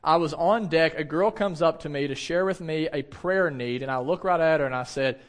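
Man preaching a lively conversational sermon. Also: on the high side, normal speed. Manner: animated storytelling, shouts when acting out anecdotes; direct, conversational preaching to the congregation. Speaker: pastor.

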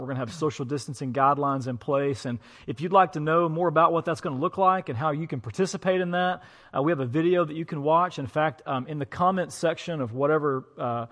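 Man, pastor, slightly high pitch, easygoing, joking, empty church, hall reverb. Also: fairly bright tone. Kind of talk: co-preaching an online sermon.

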